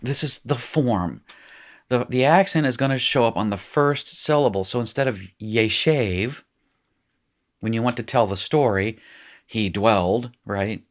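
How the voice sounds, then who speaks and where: A man's voice: mid-range voice, moderate pace. A man teaching a recorded language lesson, explaining in a chatty way and often correcting himself mid-sentence. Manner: chatty, self-correcting explanations with frequent fillers. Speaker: Hebrew teacher. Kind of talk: recorded screen-share lesson.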